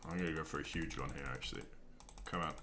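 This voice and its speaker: A man's voice: extremely low pitch, steady tone, fast, noisy background. A young man chatting casually as a game streamer, rambling and thinking aloud with lots of ums. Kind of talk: casual chat while building in a video game. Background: faint keyboard clicks and typing.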